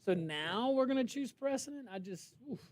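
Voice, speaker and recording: A man's voice: very high voice, animated, a little mellow, a little hiss or hum. Emphatic talk radio host, man. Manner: emphatic, incredulous, quick to laugh. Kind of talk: political talk radio banter.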